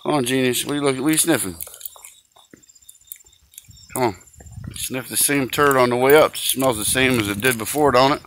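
A man's voice: medium pitch, fairly quick, pauses often, a bit bright. A man walking his dog outdoors and filming on his phone, teasing it with crude, profane chatter. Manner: crude, teasing, swears a lot. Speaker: dog owner filming a walk. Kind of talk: casual filmed chatter to a dog. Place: outdoors on a roadside walk. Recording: noisy outdoor phone recording.

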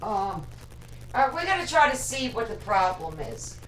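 A woman's voice: mid-range voice, very animated, moderate pace, a bit bright. A woman livestreaming from her kitchen, chatting hesitantly with lots of ums while answering viewer comments. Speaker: vlogger. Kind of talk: casual livestream chat. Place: home kitchen. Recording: echoey kitchen, distant mic, faint hum.

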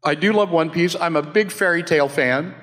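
A man's voice: fairly high pitch, normal speed. A man on a convention panel introducing himself with jokey, self-deprecating asides and frequent chuckles. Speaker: voice actor panelist and moderator. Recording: echoey hall with crowd noise. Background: crowd chatter.

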